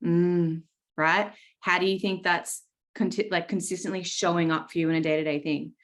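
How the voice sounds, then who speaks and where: Low-voiced, blunt Australian woman coach. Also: fairly even intonation, normal speed. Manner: blunt, swears freely, keeps asking "right?". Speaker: trading coach. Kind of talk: live coaching session talk.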